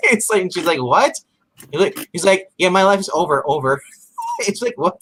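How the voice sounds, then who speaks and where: Man, podcast co-host, casual recap chat, animated retelling, lively swooping pitch. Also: moderate pace, gravelly, a little hiss or hum. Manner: animated retelling, acting out quotes, frequent laughs.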